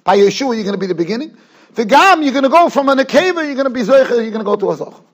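Rabbi with an unusually high voice, teaching in a study hall; animated, story-driven delivery. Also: male voice. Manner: animated storyteller, quick asides. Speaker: rabbi giving a lecture. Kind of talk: Torah lecture to students.

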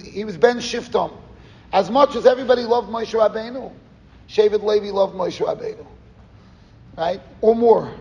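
A man giving a Torah class as a rabbi, in a lively yeshiva-style lecture, telling stories and mixing Yiddish and Hebrew terms into his English. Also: very high-pitched, big-room sound, muffled recording. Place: summer camp hall.

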